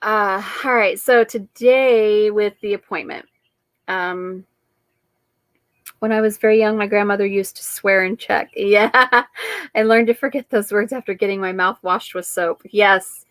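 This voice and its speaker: A woman's voice: medium pitch, steady tone, unhurried, fairly bright tone, no echo. A woman hosting her weekly live-stream chat, talking in a rambling, chatty way with frequent laughs.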